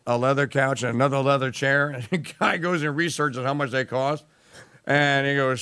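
A man hosting a talk radio show, bantering in a lively, jokey way with bursts of mock outrage. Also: medium pitch, gravelly, smooth, no room sound. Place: radio studio.

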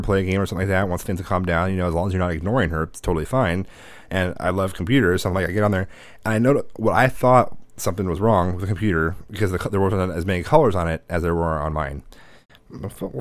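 Guy rambling fast through a sweary story, lowish voice, dry sound. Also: dry recording. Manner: loose, profane, rambling storyteller. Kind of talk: casual storytelling chat.

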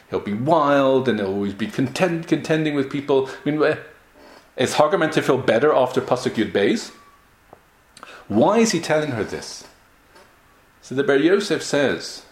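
Male Torah teacher, mid-pitched, halting explanatory lecture style, room echo. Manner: explanatory, rhetorical questions, many restarts. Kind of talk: recorded Torah class.

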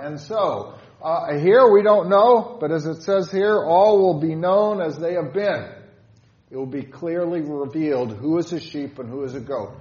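A man's voice: on the high side, animated, a little slow, a little mellow. A male pastor with a Southern Illinois accent, giving a thoughtful catechetical sermon with many fillers. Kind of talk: catechetical sermon with hymn lining. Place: church sanctuary. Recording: echoey church, dull lo-fi sound.

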